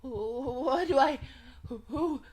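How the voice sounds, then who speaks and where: A woman's voice: sits high, slow, darkish tone, voice pushed up. A woman voicing a panicking young man in a visual novel, frantic and desperate, repeating himself. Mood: panicked.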